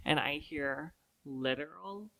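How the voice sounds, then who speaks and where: A woman's voice: deep voice, takes it slowly, creaky, a bit bright, rough recording. A young woman co-hosting a podcast, retelling a story in casual chat with dramatic, rambling flair. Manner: dramatic, rambling, says "literally" and "like" often. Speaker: podcast co-host.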